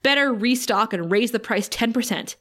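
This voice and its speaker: A woman voicing a brisk, money-minded young shopkeeper who rattles off orders in a quick, businesslike way. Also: fairly high pitch, fairly bright tone.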